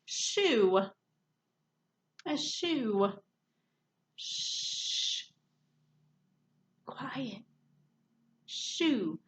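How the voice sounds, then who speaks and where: A woman librarian leading a children's story hour phonics lesson, drawing words out in a sing-song teacher voice and shushing softly. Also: medium pitch, a little hiss or hum.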